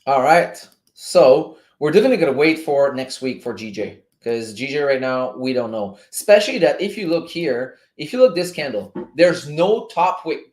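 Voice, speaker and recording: A man's voice: fairly high pitch, sing-song, normal speed, hardly any pauses, darkish tone, echoey room. A man from Montreal with a Québécois French accent, hosting a casual livestream and chatting loosely, swearing and going off on tangents. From Montreal, Canada. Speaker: livestream host.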